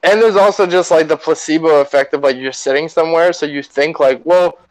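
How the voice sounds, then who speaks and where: A man's voice: fairly high pitch, fairly quick, no echo, low-quality recording. A young man co-hosting a podcast, easygoing and slangy, laughing often as he talks. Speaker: podcast co-host. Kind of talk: casual chat.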